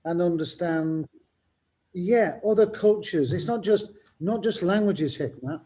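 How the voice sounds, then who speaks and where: A man's voice: sits high, unhurried, noisy background. An older man, a teacher chatting casually and telling stories with self-mocking humor. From England. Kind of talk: casual panel talk.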